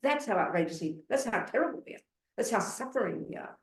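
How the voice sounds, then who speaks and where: A woman's voice: mid-range voice, animated, fast. Blunt older woman in a roomy hall. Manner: blunt, emphatic, full of rhetorical questions. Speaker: Buddhist nun teacher. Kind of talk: Buddhist dharma talk.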